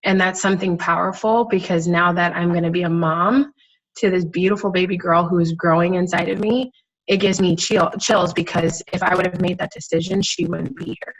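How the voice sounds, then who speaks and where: A woman's voice: fairly low pitch, steady tone, brisk, poor audio. A young adult woman, pregnant and close to tears, giving an earnest, emphatic motivational talk over a video call from a friend's house. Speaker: guest network-marketing coach.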